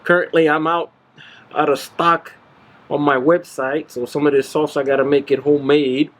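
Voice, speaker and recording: A man's voice: fairly high pitch, level tone, moderate pace. A man from Central Florida hosting his own barbecue channel, talking casually and enthusiastically while he cooks at the grill. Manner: easygoing, enthusiastic, exclaims often. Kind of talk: casual cooking vlog.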